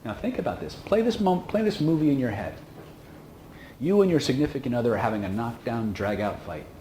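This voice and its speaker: A man lecturing a seminar crowd in a casual, emphatic way. His voice sits at an ordinary middle pitch. It rings in an echoey room over a faint hum. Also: animated, brisk, warm tone. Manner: casual, emphatic, with frequent "okay?" checks. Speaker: instructor.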